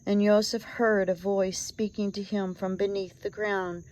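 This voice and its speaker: A woman's voice: mid-range voice, flat delivery, measured pace, a little mellow, rough recording. A woman reading an old scripture story aloud, earnest and emotive in the quoted laments. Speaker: scripture reader.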